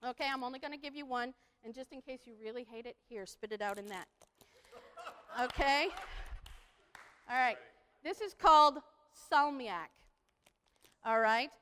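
A woman's voice: high voice, moderate pace, pauses often, sharp tone, a little hiss or hum. A woman giving a playful talk to an audience, leading them in repeating phrases. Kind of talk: lively presentation with audience participation. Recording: long hall reverb.

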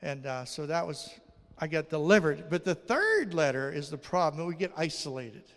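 A man's voice: a little high, normal speed. A male pastor preaching and telling stories, acting out the people in them with raised voices. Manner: animated, acts out dialogue in raised voices. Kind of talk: sermon with storytelling. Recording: long reverb of a large hall.

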